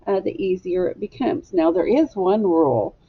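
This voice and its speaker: Woman teacher for a kids' phonics lesson, lowish gravelly voice, slow and patient, slightly dull recording. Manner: slow, patient, asks children to echo her words. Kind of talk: phonics lesson for young children.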